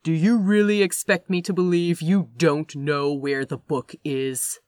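A woman voicing a stern, cold male boss who talks in a slow, clipped, menacing way. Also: low voice, fairly even intonation, darkish tone, no echo, studio quality. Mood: cold menace.

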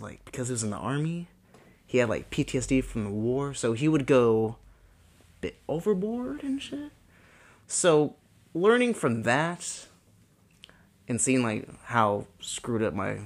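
A man in his twenties, a podcast co-host chatting casually and rambling, filling his talk with "like". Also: medium pitch. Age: 20s. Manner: rambling, fills speech with "like". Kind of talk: casual chat.

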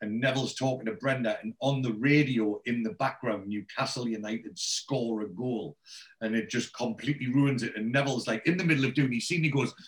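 A man's voice: medium pitch, a little fast. A man hosting a podcast, recapping a TV episode in casual chat as a rambling storyteller full of restarts and asides.

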